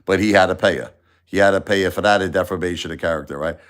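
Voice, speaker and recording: Low-voiced man ranting on a livestream. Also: fast talker. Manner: rambling, repeats himself, animated. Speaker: livestream host. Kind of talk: casual opinion livestream.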